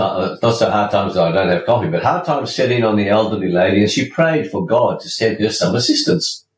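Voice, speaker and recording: A man hosting a podcast, delivering a scripted monologue in an emphatic, preachy way and slipping in jokes. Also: fairly low pitch. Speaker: podcast host. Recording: roomy, distant from mic, faint ambience.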